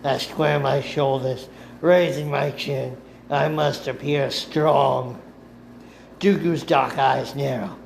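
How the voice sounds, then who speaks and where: A man narrating a first-person story in a deliberate amateur reading, sometimes correcting himself. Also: medium pitch, steady tone, creaky, slight background noise. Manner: slow, deliberate reading with occasional self-corrections.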